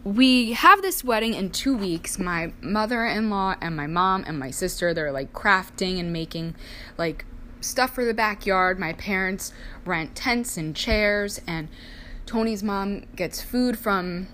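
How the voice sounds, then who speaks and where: A woman's voice: mid-range voice, lively intonation, a little slow, bright, forceful tone, a little hiss or hum. A young woman casually telling personal stories, chatty, saying "like" a lot and acting out family members' lines. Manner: chatty, heavy use of "like", acts out family voices. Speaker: storyteller sharing personal life.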